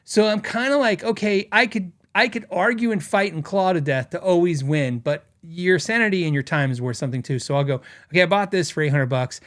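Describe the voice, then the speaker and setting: With a high, fairly bright voice, this middle-aged host talks quickly and barely pauses. On his casual podcast he reads viewer comments and spins rambling stories full of filler words and laughter.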